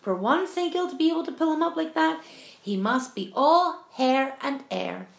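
A woman's voice: sits high, lively intonation, moderate pace, vocal fry. A woman voicing an eager, kind young boy in a storybook reading, speaking earnestly. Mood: amazed. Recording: roomy echo.

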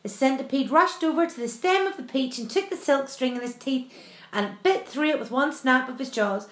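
A woman reading a children's story aloud with expressive, animated narration. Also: sits high, normal speed. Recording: roomy echo.

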